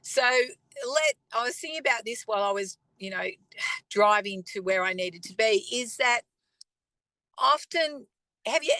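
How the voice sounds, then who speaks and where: Woman, testimony speaker, earnest and conversational, higher bright voice. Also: expressive, no echo, low-quality recording. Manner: earnest and conversational, with pauses and throat clearing. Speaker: faith speaker. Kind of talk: personal testimony talk.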